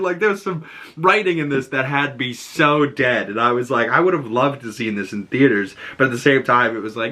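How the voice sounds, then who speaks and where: Dude rambling about a movie, bright voice, says like and you know a ton, swears a lot. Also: male voice, medium pitch, fairly quick. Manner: chatty, animated, lots of fillers and swearing. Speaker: movie reviewer. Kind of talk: casual spoken movie review.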